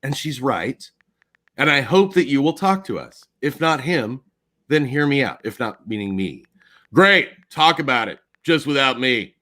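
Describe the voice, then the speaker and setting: A man's voice: medium pitch, lively intonation, unhurried, bright, forceful tone. A man arguing defensively on a livestream, swearing often. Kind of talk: heated argument on a livestream.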